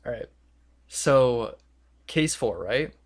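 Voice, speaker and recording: Young male podcast co-host, mid-pitched, casual and rambling, acts out quotes. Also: animated, takes it slowly. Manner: rambling, filler-heavy retelling with quoted voices.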